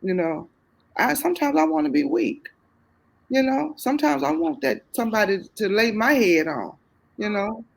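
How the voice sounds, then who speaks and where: A woman's voice: sits high, lively intonation, normal speed, creaky. Woman guest with a Southern US accent; earnest, faith-driven, repeats lines for emphasis. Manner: heartfelt, faith-filled, repeats phrases for emphasis. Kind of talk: candid testimony in conversation.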